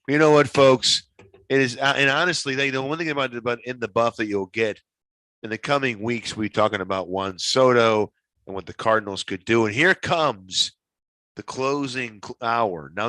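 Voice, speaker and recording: A man co-hosting a podcast in casual chat, animated and swearing freely. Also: on the low side, no echo, rough recording. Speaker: podcast co-host.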